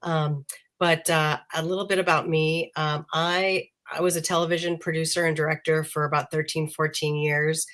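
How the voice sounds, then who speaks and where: A woman's voice: low voice, level tone, moderate pace, a bit bright. A woman, a panel guest just over the flu, chatting casually with many restarts. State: recovering from flu. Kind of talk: casual chat.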